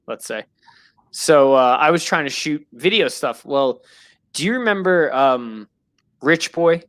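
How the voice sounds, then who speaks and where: A man's voice: mid-range voice, smooth, no echo. A male host on a video call, dry and close with no room sound. He tells stories loosely and animatedly, laughing easily between lines. It is casual late-night sports chat. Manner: animated, laughs easily, swears in retold quotes. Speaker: show host.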